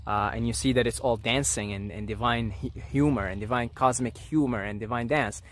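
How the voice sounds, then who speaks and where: A man musing aloud in an unscripted monologue, halting often with fillers and restarts, repeating phrases and at times dropping to soft near-whispers. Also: medium pitch, slight background noise. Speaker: vlogger.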